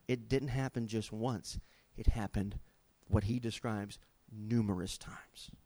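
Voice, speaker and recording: A middle-aged man preaching a sermon, telling stories with dramatic swings in pitch and loudness. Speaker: pastor.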